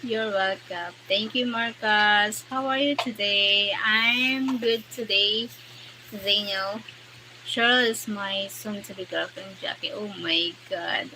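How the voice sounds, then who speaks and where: Slow-talking Filipino woman live streaming. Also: medium pitch. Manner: mixes Tagalog and English, greets and thanks viewers by name. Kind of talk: casual live-stream chat, reading out viewer comments. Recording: noisy background.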